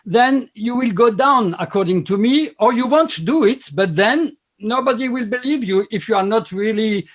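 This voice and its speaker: A man's voice: high voice, normal speed, hardly any pauses. A man with a French accent, a guest on a panel, speaking emphatically in repeated phrases. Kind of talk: panel discussion.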